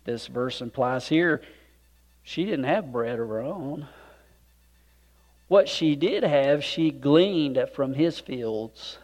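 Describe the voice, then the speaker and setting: A man preaching a sermon with folksy conversational asides, swinging from loud emphatic points to hushed, near-whispered moments. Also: medium pitch, animated, slow pace, long pauses. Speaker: pastor.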